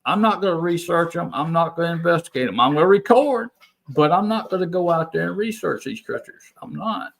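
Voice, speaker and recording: A man's voice: fairly high pitch, fairly quick, gravelly. A man from Alabama with a Southern American accent, a plainspoken guest on a radio talk show who repeats himself for emphasis. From Alabama, USA. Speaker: guest, property owner who records sounds. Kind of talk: casual radio interview chat.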